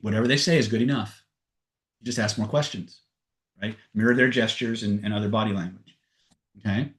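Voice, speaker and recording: A man leading a live webinar, telling a story and acting out the dialogue, often checking in with "right?". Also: medium pitch. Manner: storytelling, acts out dialogue, frequent "right?" tags. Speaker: seminar trainer. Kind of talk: live webinar teaching with anecdotes. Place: online webinar.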